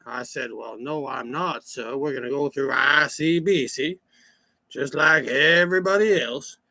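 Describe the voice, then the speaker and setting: A rambling country cousin with a drawl, played by a man for a comic monologue. His gravelly voice sits fairly high and bright, and he drags every folksy sentence out slowly. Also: no room sound, full character voice. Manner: slow, folksy, rambling storyteller.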